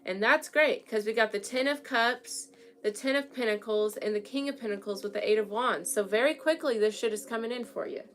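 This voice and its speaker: A woman's voice: fairly high pitch, fairly quick. Chatty young woman reading tarot. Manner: chatty, keeps checking in with "okay?"; frank, swears casually. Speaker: tarot reader. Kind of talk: casual tarot reading video. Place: home room with an altar.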